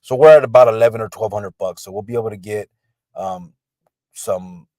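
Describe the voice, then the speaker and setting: A man's voice: on the low side, fairly quick, warm tone, dry recording. A man hosting a casual livestream from a car in the rain, laid-back and swearing easily. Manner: laid-back, reads viewer comments aloud, swears casually. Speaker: podcast host.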